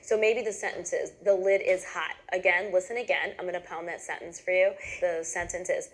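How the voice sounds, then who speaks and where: A woman's voice: fairly low pitch, fairly even intonation, brisk, few pauses, low-quality recording. A woman giving a patient, step-by-step lesson to teachers, checking in often with "okay?". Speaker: teacher trainer.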